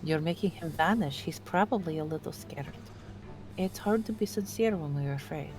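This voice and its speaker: A woman playing a tabletop game, speaking gently and soothingly in character. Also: sits low, normal speed. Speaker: player. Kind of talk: tabletop game role-play.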